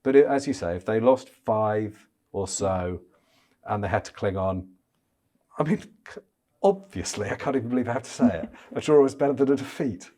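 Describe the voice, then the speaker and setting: Animated, stammering male cricket pundit. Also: medium pitch, normal speed. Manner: stammering restarts, animated and chatty. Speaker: chief cricket correspondent. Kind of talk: casual podcast discussion.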